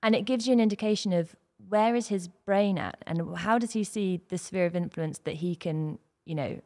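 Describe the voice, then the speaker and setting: A chatty woman with a slightly low voice, co-hosting a relaxed chat around a kitchen table. She talks freely and laughs at herself now and then. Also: normal speed. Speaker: co-host. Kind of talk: casual chat.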